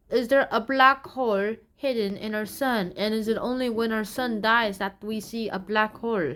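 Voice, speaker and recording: A woman's voice: fairly high pitch, normal speed, few pauses, a bit bright. A woman casually summarizing science news from a magazine, in a loose, rambling way with playful asides.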